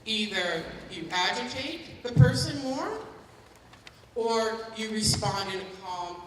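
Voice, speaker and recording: A woman's voice: mid-range voice, animated, takes it slowly, a little hiss or hum. A woman teaching a workshop for caregivers, talking to the room and keeping the audience engaged with frequent questions. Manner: interactive, keeps checking in with the audience. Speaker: dementia care educator. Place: large hall at a community forum. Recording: echoey hall from far off.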